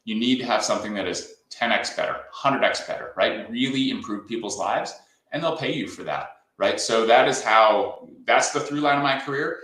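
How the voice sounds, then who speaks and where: Lower-voiced man in an echoey room. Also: expressive, moderate pace, a bit bright. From Southern California. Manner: storytelling, often tags lines with "right?". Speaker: company founder as guest. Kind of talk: casual conversational interview.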